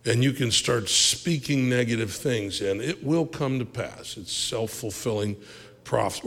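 A male pastor with a gravelly edge to his voice preaches in an easy, conversational way, now and then jumping up with energy. His voice carries a long echo from a large church hall. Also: medium pitch, measured pace. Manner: animated, conversational preaching with asides and laughs. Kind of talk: sermon. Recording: reverberant hall.

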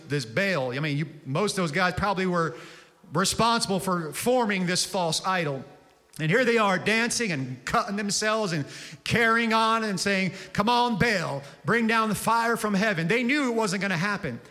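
A man preaching with a high, ringing voice that is bright and forceful. He tells the story casually, then climbs into loud, shouted exhortations. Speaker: pastor. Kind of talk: sermon.

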